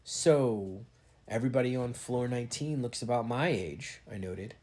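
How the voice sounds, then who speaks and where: A man's voice: mid-range voice, moderate pace, a loud crowd. A man reading a novel aloud in a casual way, giving the characters light voices. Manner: reads with light character voices and stops to chat. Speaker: reader.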